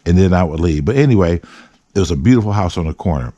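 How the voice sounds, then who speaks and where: A man's voice: low-pitched, expressive, quick pace, dark tone, dry recording, highs cut off. A man hosts his show, telling a story in a loose, profane, slang-heavy way. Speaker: host. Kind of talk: storytelling monologue.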